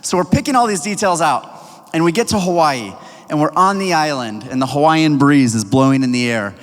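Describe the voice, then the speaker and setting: A young male youth pastor with a slightly high voice tells a story to a youth group and gets them chanting back to him. His voice rings out with a long reverb from a large indoor hall. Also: moderate pace. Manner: energetic, leads the crowd in call-and-response.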